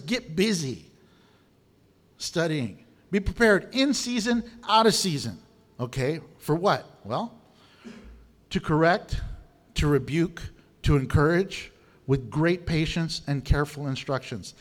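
Middle-aged man, pastor, high voice, lively humorous preaching. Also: normal speed. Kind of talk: sermon.

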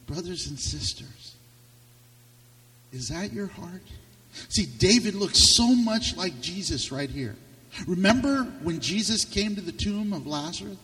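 Male pastor, sermon, rises and drops in volume, higher voice, heard from afar in a reverberant hall. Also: very animated, unhurried. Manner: impassioned, swings from loud to hushed. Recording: reverberant hall, distant mic.

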